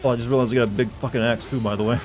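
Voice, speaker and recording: A man's voice: medium pitch, steady tone, very fast, a little mellow. A man streaming a video game live, rambling casually with jokes and swearing. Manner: rambling, profane and joking. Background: faint game music.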